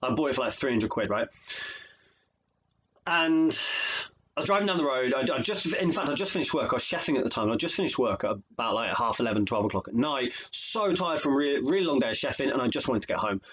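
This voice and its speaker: A man's voice: mid-range voice, animated, fast, a bit bright, breathy edge, low-quality recording. A man from England, a life coach, talking earnestly and emotionally to camera, often repeating phrases for emphasis. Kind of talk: motivational video monologue.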